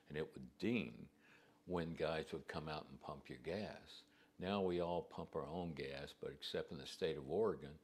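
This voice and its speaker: A man's voice: a bass voice, darkish tone, husky. A man preacher telling a story in a homespun, conversational way. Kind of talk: storytelling to a congregation.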